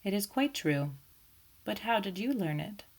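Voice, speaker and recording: Woman doing a gentle, ironic old Belgian detective. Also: mid-range voice, animated, unhurried, voice pushed up. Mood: gently evasive. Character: elderly fussy male Belgian detective. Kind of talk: audiobook character voice.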